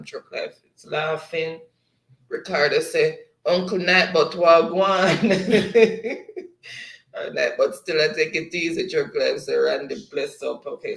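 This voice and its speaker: A livestream host reads his chat aloud slowly and easily, laughing again and again. His voice is a bit high, bright, and gravelly, echoing around the room.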